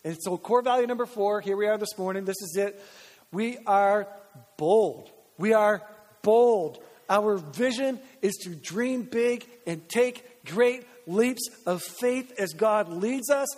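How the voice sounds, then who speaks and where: High-voiced pastor preaching with energy. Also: male voice, measured pace, hardly any pauses. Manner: energetic, repetitive, exhorting the congregation. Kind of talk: sermon. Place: large church sanctuary. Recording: long reverb of a church hall.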